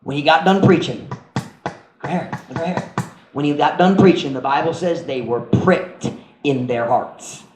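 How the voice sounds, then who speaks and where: A middle-aged man preaching a sermon as pastor, animated, acting out voices and sound effects and mixing in Cebuano phrases. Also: on the high side, normal speed. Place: church sanctuary. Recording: echoey church room with faint noise.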